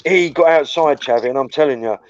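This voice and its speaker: Swearing throughout, a man on his livestream rambles through a crude story in a lively, chatty manner. He sounds a little high and brisk, in a dry, muffled recording.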